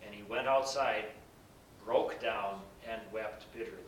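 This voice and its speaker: A man reading scripture aloud in a measured, solemn way. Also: steady tone. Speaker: scripture reader. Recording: bright roomy echo, distant mic, faint rumble.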